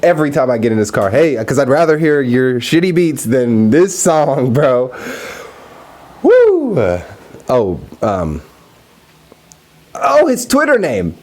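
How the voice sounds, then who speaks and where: Young male podcast host, casual profane rant, very lively intonation. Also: medium pitch, moderate pace, few pauses. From Texas. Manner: profane, animated, laughs often.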